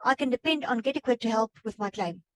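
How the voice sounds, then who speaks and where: A woman's voice: on the high side, expressive, fast, slight background noise, poor audio. A woman on a webinar reading out audience questions and adding her own remarks, with small stumbles. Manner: plain, reads questions aloud with small stumbles. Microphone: video call.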